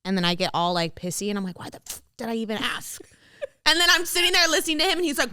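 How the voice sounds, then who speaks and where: Smooth, bright-voiced chatty woman. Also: fairly high pitch. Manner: expressive, quick reactions and impressions. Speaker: podcast co-host. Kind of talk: casual chat.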